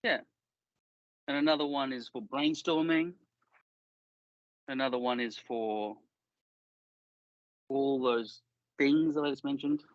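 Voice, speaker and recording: A man's voice: medium pitch, steady tone, takes it slowly, long pauses, no room sound. A man co-hosting a casual podcast, rambling and swearing often while laughing easily. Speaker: podcast co-host. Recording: dry, dull lo-fi sound.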